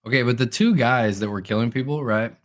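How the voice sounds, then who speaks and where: A man's voice: mid-range voice, fairly quick. A young man co-hosting a podcast in casual chat, a rambling storyteller talking through a stuffed-up nose. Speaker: podcast co-host.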